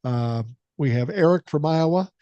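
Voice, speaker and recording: A man's voice: fairly high pitch, normal speed, mellow, smooth, no echo, highs cut off. An older man hosting a podcast, talking casually and bluntly with lots of swearing, a bit under the weather with a cold. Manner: blunt, profane, storytelling. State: has a cold. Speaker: podcast host.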